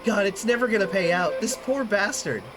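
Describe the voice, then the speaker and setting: A woman's voice: mid-range voice, fairly quick, loud music behind the voice. A young woman hosting a live stream, chatting casually, rambling and swearing freely as she reacts to chat. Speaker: livestream host.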